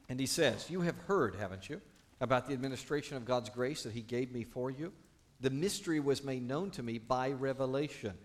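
A man, a pastor, preaching a sermon with animated, playful asides to the congregation. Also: medium pitch.

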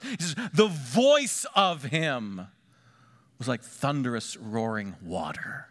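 Man preaching, soft to soaring. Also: medium pitch, very animated, slow. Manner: dynamic preaching, swinging between hushed asides and lifted, bigger emphatic lines. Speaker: pastor. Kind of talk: sermon.

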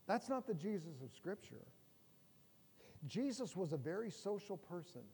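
Middle-aged male pastor, high-pitched, chatty preaching with jokes and rhetorical questions, long church reverb. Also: very animated, moderate pace, dark tone, husky. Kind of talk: sermon.

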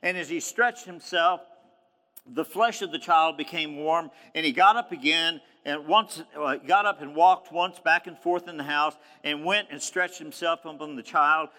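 A man's voice: fairly high pitch, normal speed, sharp tone, long reverb tail. A man preaching a sermon, reading scripture and retelling it in a conversational, emphatic way. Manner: conversational, emphatic, acts out quoted speech.

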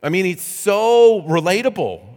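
A male pastor preaching a midweek sermon, animated and conversational, often restarting and repeating words. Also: measured pace. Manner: animated, acts out quotes in a high voice. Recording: long hall reverb.

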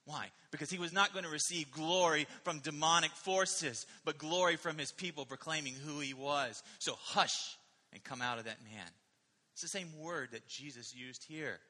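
A male pastor preaching a sermon in an animated, emphatic way, often asking the listeners questions. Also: on the high side, moderate pace, long reverb tail.

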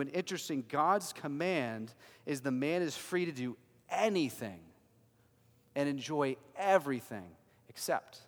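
A man preaching a sermon as a pastor, emphatic and swinging from loud declarations to hushed lines. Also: on the high side, animated, a little slow, in a large hall.

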